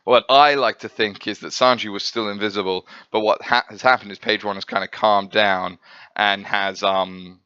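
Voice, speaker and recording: A man's voice: lowish voice, steady tone, normal speed, sharp tone, smooth, no echo. Rambling man, lo-fi sound. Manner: rambling, filler-heavy, laughs at himself. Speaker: comics reviewer. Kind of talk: casual review chat.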